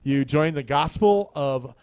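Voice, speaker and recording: A man's voice: fairly high pitch, a little slow, darkish tone, smooth. A man hosting a radio talk show, chatting casually and telling a rambling joke, laughing often and repeating words as he goes. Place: radio studio.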